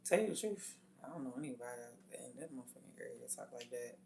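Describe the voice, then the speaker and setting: Gravelly, blunt DC-woman streamer. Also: a bass voice, animated, fast, background noise. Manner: blunt, profane, drops from loud to near-whispered asides. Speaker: livestreamer. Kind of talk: casual livestream chat.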